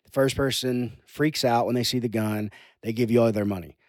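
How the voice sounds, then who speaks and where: A man's voice: mid-range voice, steady tone, fairly quick, darkish tone, no room sound. A man, a youth pastor, talking in an earnest conversation that drifts into preaching. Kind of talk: casual conversation.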